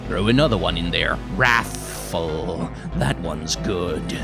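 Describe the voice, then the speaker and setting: A man's voice: lowish voice, lively intonation, slow, over music. A man with a stuffy nose giving wry, casual commentary while playing a game. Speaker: let's play gamer.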